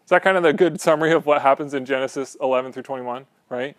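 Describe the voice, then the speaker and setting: A man's voice: medium pitch, fast talker, few pauses, dry recording. A man preaching a casual, conversational sermon, often checking in with the room. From Southern California. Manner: casual, animated, asks the room "right?". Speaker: pastor.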